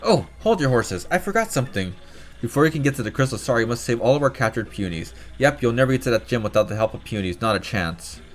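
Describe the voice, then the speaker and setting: A man's voice: medium pitch, sing-song, fast talker, faint music behind, natural voice. A man putting on a bossy old elder woman. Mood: lecturing. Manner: barking, scolding, impatient. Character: cranky old female tribal elder, bossy scold. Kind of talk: voiced game playthrough.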